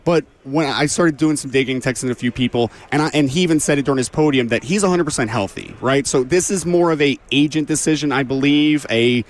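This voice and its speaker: A man, a draft analyst guest on a sports radio show, talking quickly and a little hoarse from losing his voice, often correcting himself mid-sentence. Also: mid-range voice. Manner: fast, thinking aloud, frequent self-corrections.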